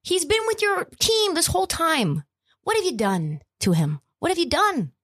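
A woman's voice: extremely high pitch, sing-song, normal speed. A woman hosting a podcast, ranting about sports in a blunt, profane and emphatic way. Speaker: podcast host. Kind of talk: opinionated sports podcast rant.

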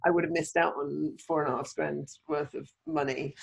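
A woman co-hosting a casual business chat, talking in a chatty, lively way and acting out little quoted exchanges. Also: deep voice, normal speed, vocal fry, a little hiss or hum.

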